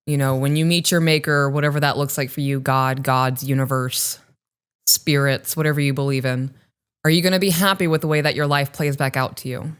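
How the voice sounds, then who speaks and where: A woman in her thirties co-hosts a podcast and tells a story from home. Her voice is smooth and clear. She speaks earnestly and reflectively, in casual chat. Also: very deep voice, steady tone, a little fast. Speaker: podcast co-host.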